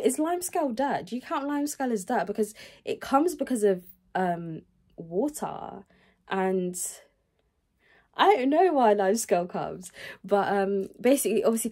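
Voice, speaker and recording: A woman's voice: medium pitch, warm tone, slightly rough. A young woman, stuffy-nosed from the cold, rambling chattily to camera in a vlog, full of fillers and "guys". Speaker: vlogger. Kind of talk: casual chat to camera. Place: home, indoors, small rooms.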